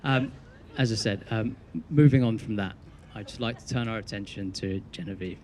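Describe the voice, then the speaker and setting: A man's voice: on the low side, normal speed, background noise. A young man giving a best man's wedding speech, telling a teasing story with dry punchlines.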